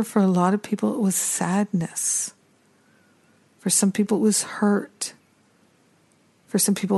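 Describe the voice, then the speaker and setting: A woman hosting a spiritual talk show, speaking gently and repetitively, with some passages like a prayer. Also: mid-range voice. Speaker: spiritual teacher and podcast host.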